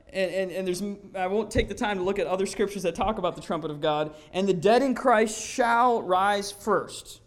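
A lay preacher giving a verse-by-verse sermon, earnest and emphatic, often restarting with repeated "and, and" and reading scripture aloud in old-fashioned wording. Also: medium pitch. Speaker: lay preacher in a church service. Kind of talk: sermon, verse-by-verse Bible teaching.

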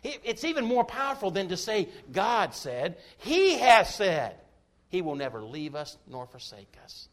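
A man's voice: high-pitched, animated, normal speed, few pauses. A man delivers a sermon. He preaches in an emphatic, folksy way, breaking into jokes between quoted verses. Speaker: pastor.

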